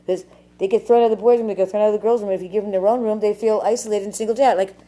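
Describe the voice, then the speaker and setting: A woman's voice: medium pitch, steady tone, racing, mellow. A woman ranting casually to camera in a rambling, profane way, full of fillers. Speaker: vlogger.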